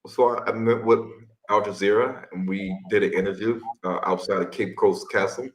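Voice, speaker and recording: A man, a tour leader, telling a story in a casual, animated way, often repeating words and acting out what people said. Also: fairly low pitch, moderate pace. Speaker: tour leader and guest speaker. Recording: echoey room.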